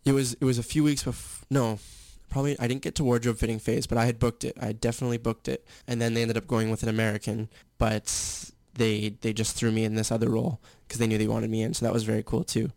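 A young man talking candidly as an interview guest. His voice is smooth and resonant, recorded dry and close, and he rambles with fillers and self-corrections. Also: medium pitch, flat delivery, quick pace, hardly any pauses, a little mellow, no echo. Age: young adult. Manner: chatty, candid, full of fillers and restarts. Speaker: guest, stadium announcer and actor. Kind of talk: casual interview chat.

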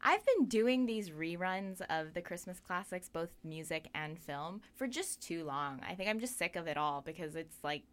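A woman with a lowish voice hosts a relaxed radio arts chat in a studio. She rambles loosely and fills her sentences with "like" and "um" as she goes. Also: normal speed, few pauses. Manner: rambling, many fillers. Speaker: radio arts show host.

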